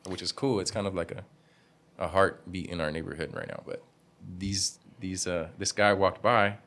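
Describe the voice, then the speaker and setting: A man's voice: low-pitched, steady tone, normal speed, fairly bright tone. A young man who owns a barbershop, telling stories in a casual interview in a laid-back, slangy way, laughing often and acting out what people said. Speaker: barbershop owner, guest.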